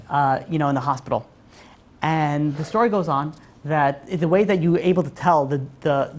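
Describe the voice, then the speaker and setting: A woman teaching a religious class, telling stories in a lively way with many "you know, like" fillers and acted-out quotes. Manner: animated storyteller, acts out quotes with big pitch jumps. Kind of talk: religious lesson storytelling.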